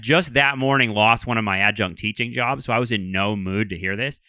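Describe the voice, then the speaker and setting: Bright, crisp-voiced man hosting a podcast. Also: on the low side, fairly quick, few pauses, no echo, clean studio sound. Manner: animated storytelling, frequent restarts and "like"s. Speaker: podcast host. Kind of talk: casual podcast conversation.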